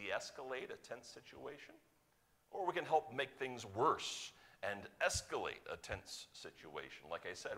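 A man with a fairly low voice preaches a sermon. He swings from emphatic, raised stretches to quiet, slowed-down lines, repeating key phrases for weight. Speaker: pastor.

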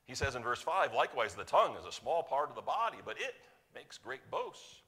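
A man preaching a sermon, moving between emphatic loud stretches and quiet, slowed-down points. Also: medium pitch, sing-song. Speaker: pastor.

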